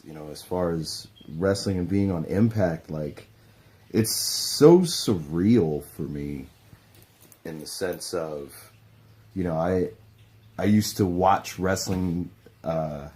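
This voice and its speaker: A man's voice: low voice, darkish tone. A man, a pro wrestler, giving a casual testimonial in a laid-back, rambling, slangy way.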